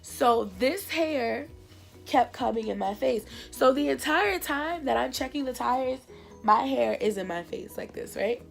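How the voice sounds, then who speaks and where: A woman's voice: high voice, unhurried, creaky, faint music behind. A young woman from New Jersey telling a casual storytime to her viewers, acting out the other people in her own voice. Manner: animated, acts out dialogue in voices. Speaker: vlogger.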